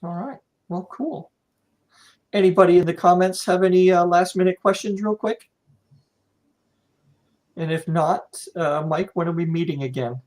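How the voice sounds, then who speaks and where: A man's voice: high-pitched, moderate pace, pauses often, darkish tone, poor audio. Rambling American man hosting a podcast. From United States. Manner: rambling, encouraging, jokey. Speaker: podcast host. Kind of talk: casual interview chat.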